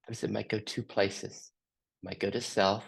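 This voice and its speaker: A man facilitating a group session, gently asking slow, open questions. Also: fairly low pitch, level tone, gravelly, breathy edge. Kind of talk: guided group reflection.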